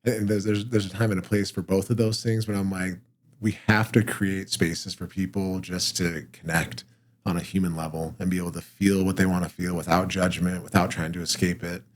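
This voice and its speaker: A man working as a performance and mental health coach, explaining ideas calmly and steadily in an interview. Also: deep voice. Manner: calm, measured explaining. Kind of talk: interview guest conversation. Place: podcast studio room.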